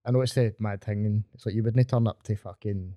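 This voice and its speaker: Fast-talking, crude Scottish man. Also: on the low side, steady tone, dark tone, no echo, studio quality. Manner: crude, swearing, storytelling. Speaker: stand-up comedian, podcast guest. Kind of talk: casual podcast banter. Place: podcast studio.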